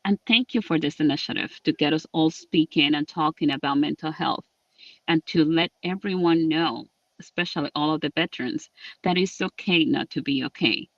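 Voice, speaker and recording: A man's voice: on the high side, gravelly, no room sound, lo-fi sound. Earnest man speaking from a distance. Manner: earnest, halting with fillers. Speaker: lieutenant governor. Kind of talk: public address on a livestream.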